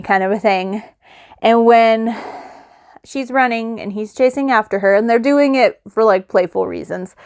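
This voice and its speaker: Woman book vlogger rambling about what she read, kinda high voice, dry close sound. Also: a little mellow, clear, resonant tone, no room sound. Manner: rambling, gushing retelling of plot. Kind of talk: casual reading vlog chat.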